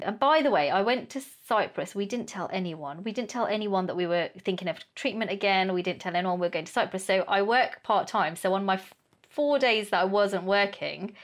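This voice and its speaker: Woman telling a story in an interview. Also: medium pitch. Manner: animated storyteller, acts out quoted dialogue, laughs often. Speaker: podcast guest.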